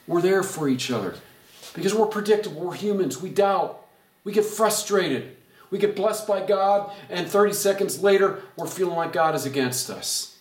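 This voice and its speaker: Male pastor, middle-aged, gentle reassuring preaching, slightly high voice, roomy echo, mic far off. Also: lively intonation, moderate pace. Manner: gentle reassuring preaching, quotes God softly. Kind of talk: Bible study teaching and prayer. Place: church. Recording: echoey room, voice from far off mic.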